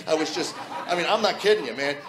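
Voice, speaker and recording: A man in his forties giving a personal testimony. He talks fast and earnestly, stumbling over repeated words as he goes. His voice rings in an echoey room. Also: on the high side, lively intonation, a crowd in the background. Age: 40s. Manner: earnest, halting with repeated restarts. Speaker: testimony speaker.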